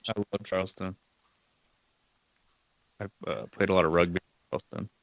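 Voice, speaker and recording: Joking bro-talk host, dry sound. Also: male voice, low-pitched, fairly even intonation, normal speed, no room sound. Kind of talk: casual chat.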